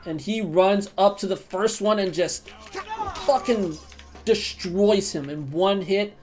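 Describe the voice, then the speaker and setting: A woman's voice: medium pitch, unhurried, over music. A woman streamer giving casual, profane commentary while roleplaying a video game. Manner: chatty, swears freely.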